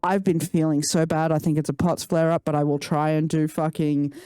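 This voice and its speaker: A woman's voice: low-pitched, level tone, fairly quick, mellow, clear, resonant tone, no echo, clean studio sound. A woman live-streaming a game, ranting and swearing in casual chat with her viewers. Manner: profane, ranting, laughing.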